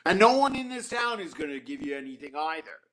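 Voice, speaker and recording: A man's voice: a little high, sing-song, fast, fairly bright tone. A man voicing a curt, disbelieving village synagogue caretaker in a folktale. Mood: doubtful. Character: gruff, doubting male synagogue caretaker.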